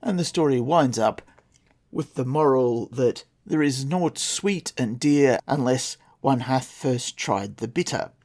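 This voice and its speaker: Gravelly man retelling a folktale. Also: medium pitch, lively intonation, slow pace, a little mellow. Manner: wry, sarcastic asides. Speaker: podcast host retelling a folktale. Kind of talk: casual storytelling with commentary.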